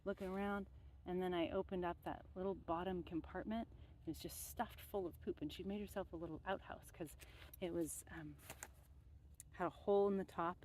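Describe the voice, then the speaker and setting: A young woman with a lowish voice and darkish tone tells rambling stories while working on a fence outdoors. She's casual and chatty, full of fillers and asides. There's slight background noise.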